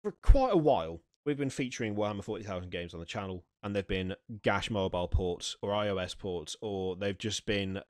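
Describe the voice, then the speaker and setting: A man's voice: on the low side, lively intonation, a little fast, few pauses, darkish tone, dry recording. Sweary man reading gaming news. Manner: reads news aloud, swears, breaks off into asides. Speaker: podcast host. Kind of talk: casual news chat. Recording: dry close mic.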